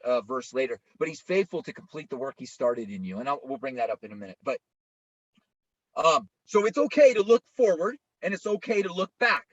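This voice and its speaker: Guy preaching in a chatty casual way, kinda high voice, dull dry lo-fi audio. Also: no room sound. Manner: informal, often adds "right?". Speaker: pastor. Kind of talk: conversational sermon.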